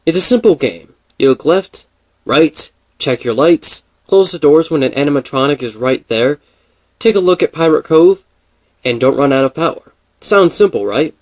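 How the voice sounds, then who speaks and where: A man's voice: on the high side, animated, moderate pace. A man in casual gaming commentary, rambling and thinking aloud with many fillers and restarts. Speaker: gaming video creator.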